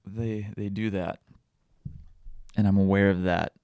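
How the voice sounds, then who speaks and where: A young podcast host with a low, gravelly, smooth and darkish voice shares candid, self-deprecating stories in a confessional, casual style. He speaks unhurriedly with fairly even intonation, and there's no room sound.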